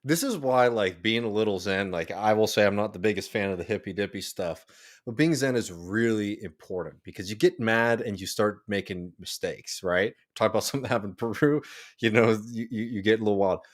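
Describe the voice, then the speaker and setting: A man's voice: fairly low pitch, brisk. A man co-hosting a political podcast, speaking hesitantly with frequent fillers, sighs and restarts. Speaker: podcast co-host. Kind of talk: casual political chat.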